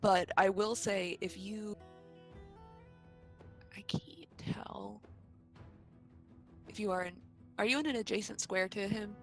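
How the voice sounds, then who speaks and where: A man narrating a tabletop game as game master, halting and laughing often. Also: sits high, steady tone, gravelly, fairly bright tone, faint music behind.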